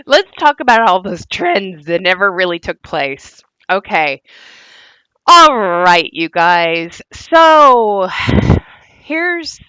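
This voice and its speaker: A woman's voice: medium pitch, sharp tone, clean tone, no echo. A woman hosting a casual commentary video, sarcastic and given to laughing at what she shows. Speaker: commentary host.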